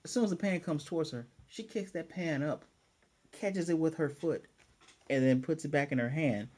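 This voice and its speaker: Husky, mellow-voiced man recapping an episode. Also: on the high side, normal speed. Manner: loose, chatty retelling with fillers. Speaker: anime reviewer.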